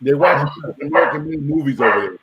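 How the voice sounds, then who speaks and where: A man's voice: fairly high pitch, animated, fast, highs cut off, very noisy. A man in a casual group video call, eagerly explaining his point to the others. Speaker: guest on a live stream.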